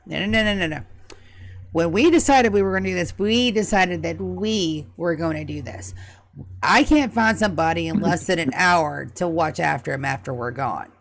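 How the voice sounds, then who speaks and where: A woman narrating a tabletop game as game master in a chatty, lively way. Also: lowish voice, normal speed, creaky.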